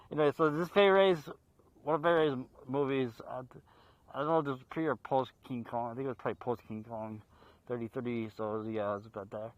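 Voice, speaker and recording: A man hosting a horror movie show outdoors in a park, talking casually and off the cuff, excitable and quick to laugh. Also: mid-range voice, no echo, dull audio. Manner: excitable, laughs a lot, jokey asides.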